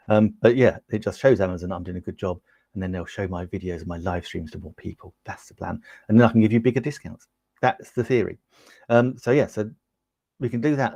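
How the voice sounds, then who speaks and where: An upbeat British livestream host demos a camera, chatting with viewers in the chat and using lots of ums in this casual product demo. His fairly low voice is warm with vocal fry. A lapel mic in a small home studio gives close, dry sound with no echo.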